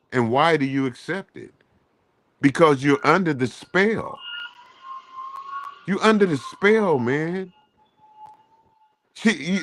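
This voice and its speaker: A man's voice: fairly high pitch, a bit bright, a little hiss or hum. A man hosting a casual morning talk show, delivering a rambling, profane, preachy rant. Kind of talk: casual chat.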